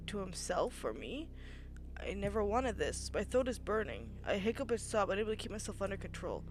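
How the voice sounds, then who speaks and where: A woman streamer reading a visual novel aloud and reacting expressively, breaking into loud outbursts. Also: medium pitch, big pitch swings, a little fast, background noise.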